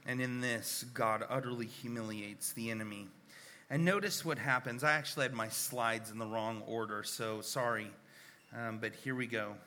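A man preaching a sermon as a pastor, unhurried and earnest, sometimes sinking to a near whisper. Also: mid-range voice, steady tone, sharp tone, long reverb tail, slight background noise. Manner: unhurried, earnest, drops to a near whisper when reading scripture.

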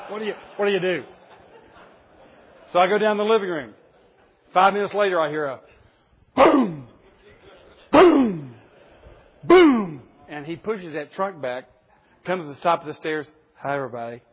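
A man's voice: fairly high pitch, lively intonation, moderate pace, long pauses, husky. A man in his fifties, a pastor preaching a sermon in an emphatic, humorous storytelling way. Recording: dull lo-fi recording.

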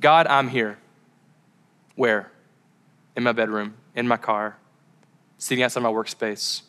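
Chatty bright-voiced young preacher man. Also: mid-range voice, unhurried, clear, resonant tone. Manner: chatty and rambling, full of fillers and tangents. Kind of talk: casual sermon to a live crowd.

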